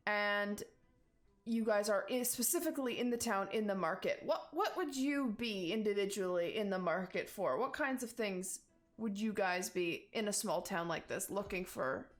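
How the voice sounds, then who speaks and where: A woman's voice: medium pitch, moderate pace. A woman running a tabletop game as game master, narrating casually with loose, rambling phrasing.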